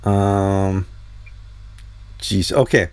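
A man's voice: sits low, fairly even intonation, very slow, clear, resonant tone, dry recording. A man hosting a news talk show, telling stories in a casual, rambling way with many fillers. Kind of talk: casual chat.

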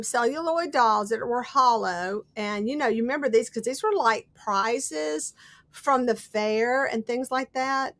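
A woman's voice: high-pitched, a bit bright. A middle-aged woman hosting a casual live crafting chat, rambling and laughing often as she shows her finds. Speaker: host.

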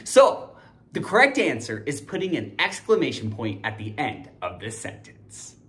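A woman's voice: rumbling low, wildly swooping pitch, normal speed. A young woman teaching an online grammar lesson, upbeat and emphatic, cheering on her students.

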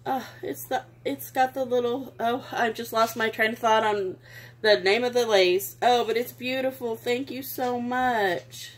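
In a relaxed unboxing chat, this craft vlogger's somewhat high voice stays steady and moves a little slowly. She's effusive and sentimental over her mail, with plenty of exclamations.

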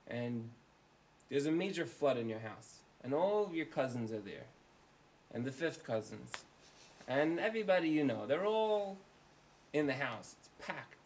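Animated rabbi telling a story. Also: male voice, mid-range voice. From United States. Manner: animated storyteller, acts out dialogue. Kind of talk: storytelling lecture.

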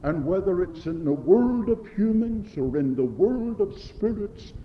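A man preaching a sermon in a slow, deliberate way. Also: lively intonation. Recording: dull recording in a hall with long reverb and faint rumble.

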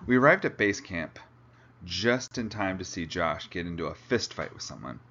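A man reading a novel chapter aloud with a steady, plain delivery. The recording sounds dull and lo-fi. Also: low voice, moderate pace, slight background noise. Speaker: reader.

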